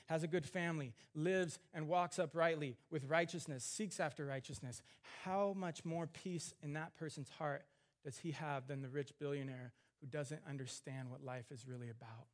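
This preacher speaks earnestly on scripture in a higher-pitched voice, softening for gentle, quiet passages and then building up to forceful questions.

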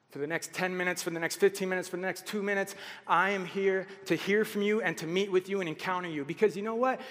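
A pastor delivering a passionate sermon. His fairly high male voice rises into loud exhortation and then drops to near silence, and it rings with a long reverb as in a large hall. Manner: passionate, swings from loud exhortation to hushed quotes.

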